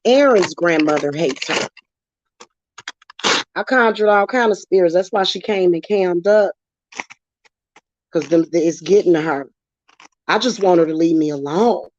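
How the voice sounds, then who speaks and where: A woman's voice: lowish voice, measured pace, long pauses, a little mellow, slight background noise. A woman venting in a casual vlog, heated and emotional, swearing freely as she talks about spiritual work. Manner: heated, profane, emotional ranting. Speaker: witchcraft vlogger. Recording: dull, dry lo-fi sound.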